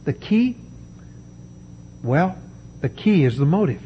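A man preaching a sermon, emphatic and deliberate, with dramatic pauses. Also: on the high side, sing-song, muffled recording, a little hiss or hum.

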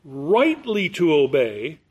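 A man preaching a sermon, explaining scripture word by word in a deliberate, emphatic teaching manner. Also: a little high, wildly swooping pitch, darkish tone, slightly rough, dull audio. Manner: slow, deliberate, explanatory, stresses key words.

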